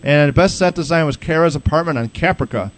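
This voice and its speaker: A podcast host chats casually in a slightly high, brisk male voice, rambling and restarting his sentences often.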